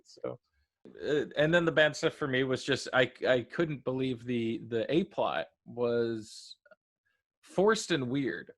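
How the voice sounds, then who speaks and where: Male co-host, mid-pitch, rambling and halting with fillers, casual review talk. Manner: rambling, halting, many fillers, animated quoted voices. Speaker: podcast co-host reviewing a TV episode.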